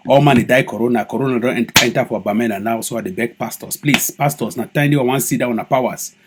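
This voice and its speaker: A man with a Cameroonian Pidgin English accent, giving live-stream commentary as an activist broadcaster, animated and mocking. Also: medium pitch, fast, background noise. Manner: animated, mocking, swings into loud mimicry.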